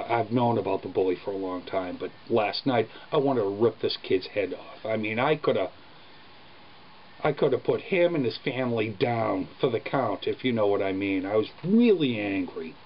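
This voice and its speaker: A man, a father, telling a story about his son in a casual vlog, speaking in an earnest, halting way. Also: on the low side, animated. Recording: dull lo-fi sound with faint background noise.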